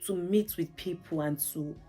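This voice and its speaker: A woman's voice: lowish voice, normal speed, dark tone, husky, faint music behind. A Nigerian woman vlogging in a casual, chatty, storytelling way, laughing often and saying "like" a lot. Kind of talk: casual chat to camera.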